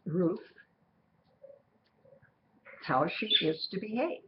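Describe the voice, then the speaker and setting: A woman teaching a Bible study lesson, explaining slowly and repeating key phrases. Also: fairly low pitch. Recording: muffled recording with steady background noise.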